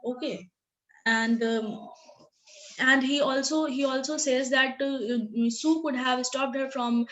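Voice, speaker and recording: A woman's voice: high voice, steady tone, takes it slowly, fairly bright tone, poor audio. Hesitant woman teacher explaining a story. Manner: hesitant, full of fillers and restarts, checks in with "right?". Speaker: literature teacher. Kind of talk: recorded lesson explaining a short story.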